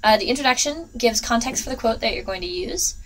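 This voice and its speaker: A woman's voice: on the high side, animated, fast talker, low-quality recording. A young woman giving a casual writing tutorial, chatty and full of ums and uhs.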